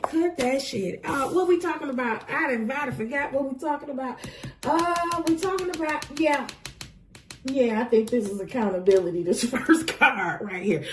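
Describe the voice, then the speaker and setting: A woman's voice: high voice, moderate pace, slight background noise. A woman giving a casual tarot reading, talking bluntly and sassily with profane, preachy asides. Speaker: tarot reader.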